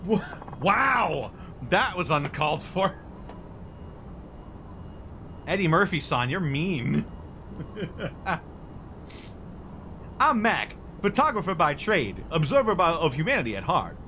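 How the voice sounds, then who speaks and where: A man voicing an excitable, flamboyant male street photographer in a game, loud and theatrical. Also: on the high side, unhurried, long pauses, voice pushed up, heavily acted. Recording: noisy stream audio.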